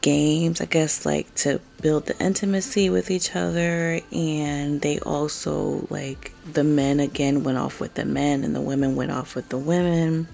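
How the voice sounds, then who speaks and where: A woman's voice: low-pitched, gravelly, a little mellow. A woman giving a chatty, opinionated recap of a reality show, full of filler words and sudden emphatic jumps when she gets worked up. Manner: chatty and opinionated, lots of "like" and "bruh", rising emphatic outbursts. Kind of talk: casual recap commentary.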